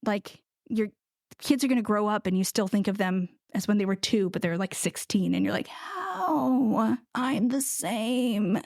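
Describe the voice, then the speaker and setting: A woman's voice: medium pitch, a little fast, gravelly, dry recording, studio quality. A middle-aged woman from the United States, a ceramicist guest, telling a story in a casual interview with laughs and acted-out quotes. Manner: animated, laughing, acts out quoted voices.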